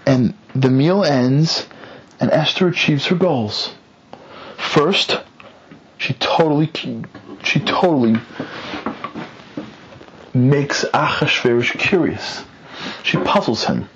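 A man teaching through an animated, conversational retelling of a story, with dramatic asides. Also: medium pitch, takes it slowly, long pauses, dull audio, a little hiss or hum.

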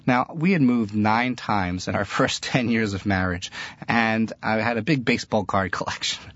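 A man's voice: fairly low pitch, no room sound. Middle aged guy giving a jewish talk, earnest storyteller, lo-fi dull sound. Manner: earnest, storytelling, warm laughter in his voice. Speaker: religious teacher. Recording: dull, lo-fi, dry recording.

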